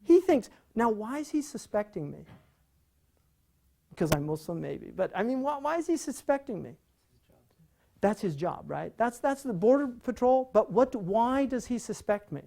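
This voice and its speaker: Male lecturer, warm mellow tone, conversational, keeps checking in with rhetorical questions. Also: extremely high pitch, moderate pace, vocal fry. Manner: rhetorical questions, frequent "right?"; animated, conversational teaching. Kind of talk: lecture on poetry.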